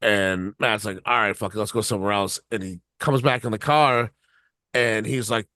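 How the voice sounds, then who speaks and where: A man's voice: on the low side, fairly even intonation, normal speed, bright, forceful tone, no room sound, studio quality. A man co-hosting a podcast, telling a long, rambling, profane story and laughing along as he goes. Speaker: podcast co-host. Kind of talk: casual anecdote telling.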